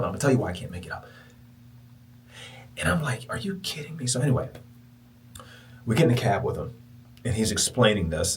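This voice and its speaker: A man hosting a podcast who tells a personal story to his listeners. He swings from loud, emphatic bursts to near-whispers and repeats phrases for emphasis. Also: lowish voice, distant mic, slight background noise. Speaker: podcast host.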